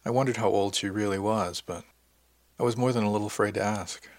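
A man reading a first-person sci-fi story in a calm, measured narration. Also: fairly low pitch, dry recording. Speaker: audiobook narrator.

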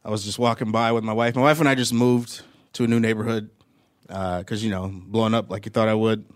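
A man's voice: lowish voice, fairly even intonation, a little fast. A man working through a stand-up set on a live stage. He tells loose, rambling stories into a handheld mic and keeps breaking into his own laughter. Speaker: stand-up comedian. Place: live comedy stage before an audience.

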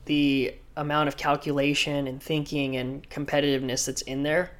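A man, a professional surfer, telling animated stories full of surf slang as a podcast guest. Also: a little high, normal speed. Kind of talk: podcast interview storytelling.

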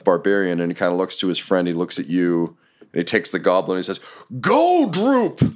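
A man narrating as dungeon master, relaxed and laughing often, with plenty of fillers. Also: low-pitched, fast talker, clear, resonant tone. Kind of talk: narrating a tabletop game.

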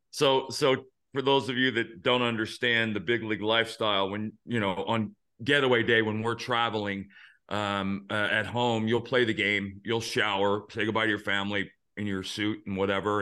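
A man in his fifties hosting a podcast, telling earnest, animated stories in a casual chat and swearing now and then. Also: on the low side. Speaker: podcast host.

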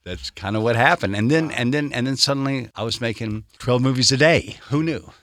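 A man's voice: medium pitch, brisk, a bit bright, slight background noise. An older man, an actor guest in a radio studio, telling stories in a playful, teasing way. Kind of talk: casual studio chat.

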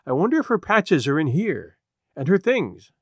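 A man voicing a timid, soft-spoken sheriff's wife in a story reading, hesitant and gentle. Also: a little high, sing-song, normal speed, dry recording, studio quality. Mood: relieved.

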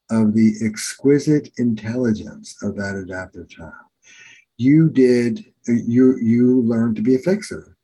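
Warm dark-voiced older man therapist. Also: medium pitch, slightly rough, rough recording. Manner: earnest, emphatic teacher repeating key phrases. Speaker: family therapist. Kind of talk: storytelling in a podcast interview.

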